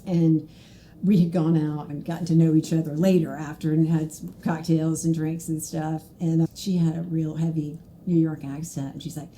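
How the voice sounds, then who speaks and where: Woman, podcast host, lowish voice, mellow tone, animated storyteller. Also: moderate pace, few pauses, a little hiss or hum. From Mississippi. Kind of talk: casual conversational interview.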